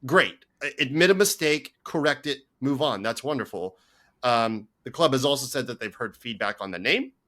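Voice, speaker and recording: Guy on a podcast, bright forceful voice, opinionated and teasing. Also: medium pitch, lively intonation, normal speed. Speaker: podcast co-host. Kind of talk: casual chat.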